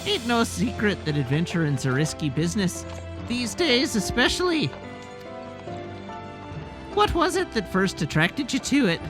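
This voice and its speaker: A man's voice: high voice, sing-song, a little slow, pauses often, music in the background. A man voicing a chatty, sly old male peddler with a folksy rustic drawl, reading game dialogue in character.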